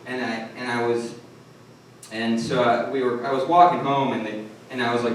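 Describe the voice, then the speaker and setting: A young man with a Detroit accent telling a rambling, self-mocking story at a live storytelling night, with halting restarts. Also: mid-range voice, fairly even intonation. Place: comedy club stage. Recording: echoey room from far off, noisy.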